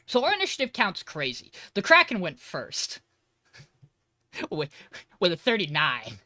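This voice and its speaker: A man's voice: high voice, wildly swooping pitch, slow pace, sharp tone, no echo, clean studio sound. A man co-hosting a podcast, casually retelling a tabletop game session and acting out quoted lines. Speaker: podcast co-host. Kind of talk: casual storytelling recap.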